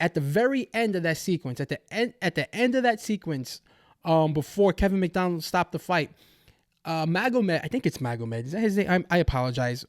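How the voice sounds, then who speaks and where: A man's voice: sits high, dry recording, clean studio sound. A young man hosting a podcast, giving heated sports commentary as a profane, restless rant full of restarts. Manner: angry ranting, profane, many restarts. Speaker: podcast host.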